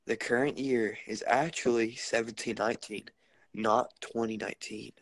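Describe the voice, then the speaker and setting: A man's voice: mid-range voice, fairly even intonation, normal speed, creaky, no room sound. A man hosting a podcast in casual, joking chat, swearing freely. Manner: crude, joking, swears a lot. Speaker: podcast host.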